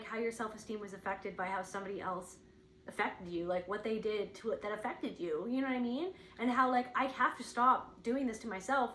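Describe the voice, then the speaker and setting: A woman's voice: mid-range voice, fairly bright tone, roomy sound, slight background noise, rough recording. A woman giving an intuitive spiritual reading, thinking aloud in a searching, rambling way, with lots of "like". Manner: searching, rambling, heavy use of "like".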